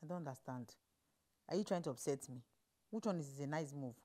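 A woman with a Nigerian Pidgin accent, acting a brash, broke tenant in a comedy skit who scolds loudly and laughs often. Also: low-pitched, lively intonation, quick pace, noisy background. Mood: annoyed.

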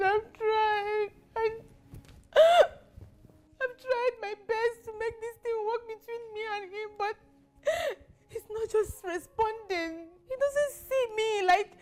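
A woman's voice: extremely high pitch, big pitch swings, moderate pace, a little mellow. A woman playing a heartbroken young wife who is crying and pleading with her mother. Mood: tearful pleading. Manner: tearful, pleading.

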